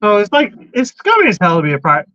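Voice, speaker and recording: A man with a high, sharp, bright voice hosts a loose podcast chat, blunt and quick to swear as he hops from one topic to the next. The recording is dull and lo-fi, with a dry sound and no room echo. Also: huge pitch swings. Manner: blunt, swears freely, jumps between topics. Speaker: podcast host. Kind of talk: casual chat, reading out chat comments.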